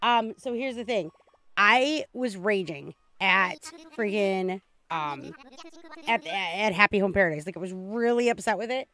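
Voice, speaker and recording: A woman streaming a video game, chatting casually in an excitable, rambling way with frequent restarts. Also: mid-range voice, a little slow. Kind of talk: casual game livestream chat.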